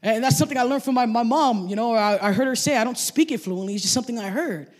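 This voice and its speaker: A man's voice: very high-pitched, very fast. A man in his thirties preaching a sermon to a congregation in a casual, conversational way. He keeps tagging "right?" onto his points and gets the crowd to repeat phrases back to him. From Samoan family background. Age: 30s. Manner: animated storyteller, asks the crowd to repeat phrases. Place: church service in front of a congregation.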